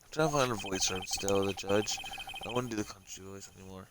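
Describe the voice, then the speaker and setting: A man casually playing a story game, reading its dialogue aloud with relaxed, offhand asides. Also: deep voice, quick pace, noisy background. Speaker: gamer voicing a story game. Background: game music.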